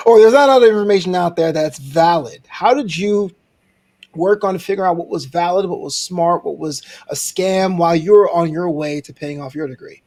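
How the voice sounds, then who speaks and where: A male interview host with a high-pitched voice asks his questions calmly. He sets up each question with a little context before he asks it. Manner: measured, leading with framing questions.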